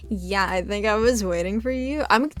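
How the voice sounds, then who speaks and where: A woman's voice: a little high, no room sound. Swearing, giggly woman playing a game. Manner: laughs often, swears casually. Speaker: gamer reading a visual novel aloud. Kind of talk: casual let's-play commentary.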